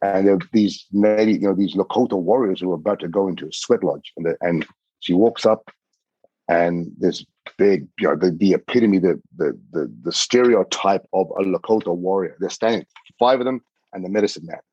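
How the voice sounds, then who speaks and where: Husky man telling a story. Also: low voice, fairly quick, a little mellow, dry recording. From Australia. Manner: vivid, repeats words, swears casually. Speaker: podcast guest. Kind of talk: animated personal storytelling. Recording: slightly muffled dry recording.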